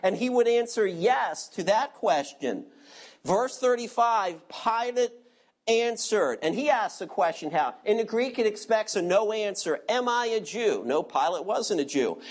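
A man's voice: high-pitched, animated, measured pace. Preaching man with emphatic rhetorical questions. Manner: directs listeners to turn to verses. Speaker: pastor. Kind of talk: expository sermon.

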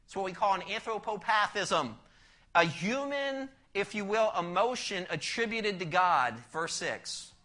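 A man delivers a sermon in a bright, cutting voice. He explains the text verse by verse and keeps asking his listeners questions. His volume swings from forceful emphasis down to a hushed near-whisper. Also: high voice, animated, measured pace. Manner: asks the listeners rhetorical questions. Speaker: preacher. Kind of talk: expository sermon.

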